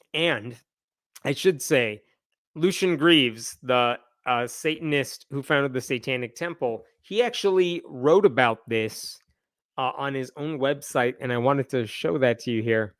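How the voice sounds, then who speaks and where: A man's voice: mid-range voice, measured pace, no echo, studio quality. A man hosting a livestream, giving sarcastic commentary and reading passages aloud. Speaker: channel host.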